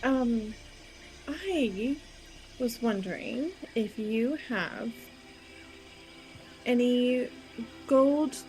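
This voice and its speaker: A woman's voice: on the high side, drawn-out words, long pauses, darkish tone, faint music behind, low-quality recording. A woman playing her character in a tabletop game, asking politely and hesitantly. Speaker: player.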